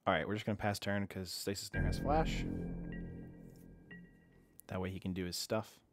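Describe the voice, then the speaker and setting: A man's voice: sits low, steady tone, normal speed, vocal fry, loud music behind the voice. A young man casually commenting while he streams an online card game, chatty and self-deprecating, reading viewers' chat aloud.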